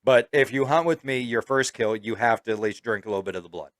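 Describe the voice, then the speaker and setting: A man's voice: mid-range voice, quick pace, no room sound, clean studio sound. A man trading crude jokes in casual banter, swearing freely. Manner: joking, lively, swears freely. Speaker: podcast co-host.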